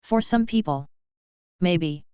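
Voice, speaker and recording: Woman reading deadpan teen schoolboy, flat, dry, clear voice, storybook audiobook. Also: lowish voice, takes it slowly, dry recording. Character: calm, dry-witted teenage schoolboy. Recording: dull lo-fi audiobook recording.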